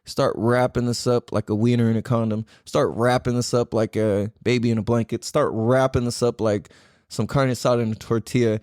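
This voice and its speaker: A man hosting a podcast, ranting casually with a profane, rambling, animated delivery. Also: medium pitch, fairly quick, dry recording, clean studio sound. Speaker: podcast host.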